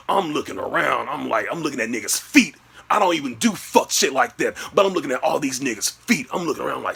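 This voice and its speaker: A man telling a story as a brash, profane comedic rant, with loud outbursts. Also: medium pitch, a little fast, gravelly, slightly rough. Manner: brash, animated, loud outbursts in acted quotes.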